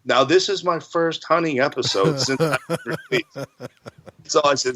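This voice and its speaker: A man's voice: a little high, measured pace, a bit bright, slight background noise. A man telling a hunting story in a rambling, folksy way, laughing now and then. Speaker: hunting guest. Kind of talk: casual storytelling.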